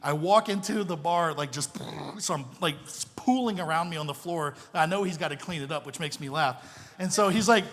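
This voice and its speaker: A man telling a story from the pulpit as a visiting missionary pastor, animated and full of jokes. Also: on the high side, moderate pace. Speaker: missionary pastor, guest speaker. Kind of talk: storytelling sermon. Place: church sanctuary. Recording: long reverb of a church hall.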